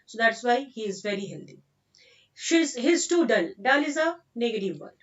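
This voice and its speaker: A woman's voice: fairly high pitch, big pitch swings, normal speed, distant mic, lo-fi sound. A woman with an Indian English accent teaching an online grammar lesson, explaining patiently and repeating example sentences.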